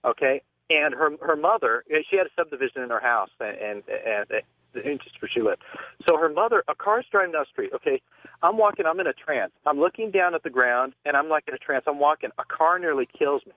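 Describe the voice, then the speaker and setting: A man tells a winding story over a thin, tinny phone line. His voice sits a bit high, and he stumbles through restarts and fillers as he goes. The sound is dry, with no room around it. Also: animated, dry recording. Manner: rambling, halting with many restarts. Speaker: caller. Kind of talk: call-in radio storytelling.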